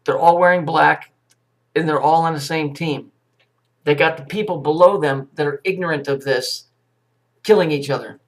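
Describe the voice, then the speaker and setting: A man's voice: a little high, steady tone, moderate pace. Crude, sarcastic man ranting. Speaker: commentator reacting to news clips. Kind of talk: profane ranting commentary.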